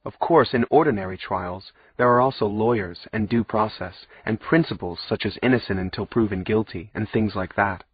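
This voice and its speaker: Husky male audiobook narrator, wry. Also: fairly low pitch, moderate pace, few pauses, no echo. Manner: wry, sardonic storytelling. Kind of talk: first-person audiobook narration. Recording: slightly muffled audio.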